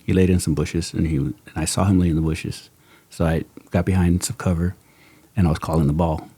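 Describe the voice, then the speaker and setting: Middle-aged male host, low husky voice, dry close sound, animated storyteller. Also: brisk, no room sound. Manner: animated storyteller, acts out quotes, laughs often. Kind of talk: casual storytelling chat.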